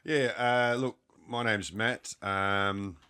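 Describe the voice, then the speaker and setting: A man's voice: on the low side, steady tone, slow pace, pushed and bright, smooth. A middle-aged Australian man with an Australian accent, telling his story as a podcast guest with dry humour. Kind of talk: casual chat.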